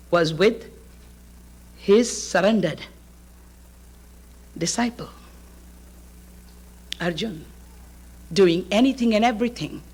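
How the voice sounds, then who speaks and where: A woman's voice: medium pitch, gravelly, breathy edge. A woman from Fiji giving a live devotional sermon, telling stories and reciting Sanskrit verses. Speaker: spiritual preacher. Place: live talk to an audience.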